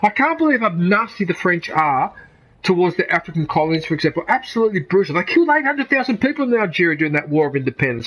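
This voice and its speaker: A middle-aged man with an Australian accent talks in a fairly high voice, rambling from one opinion to the next. He is a gaming streamer chatting casually over gameplay. He swears freely as he goes. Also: very animated, fast talker, fairly bright tone, breathy edge, rough recording.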